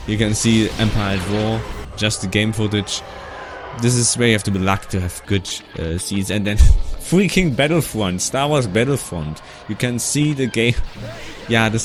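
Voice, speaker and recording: A man talking casually about his old fan video, rambling and restarting his sentences as he goes. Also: on the low side. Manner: rambling, restarts often, laughs now and then. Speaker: vlogger.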